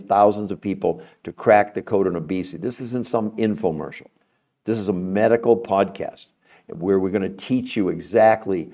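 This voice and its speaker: A man's voice: fairly low pitch, muffled recording. Emphatic male health podcast host. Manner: emphatic, rising more animated as he goes. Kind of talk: promotional health talk to viewers.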